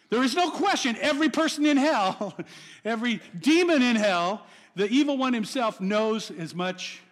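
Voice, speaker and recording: A man preaching with a high, ringing voice that carries a long reverb tail, as if he stands in a large hall. He swings between loud emphatic phrases and quiet, hushed lines, and keeps asking his listeners questions. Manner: asks the audience questions. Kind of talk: sermon.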